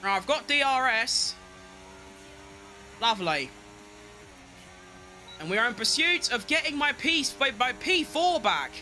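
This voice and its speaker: A young man giving excitable live commentary on his own racing game, talking to himself and chanting while he drives. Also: extremely high pitch, a little slow, long pauses, faint music behind. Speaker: gaming streamer.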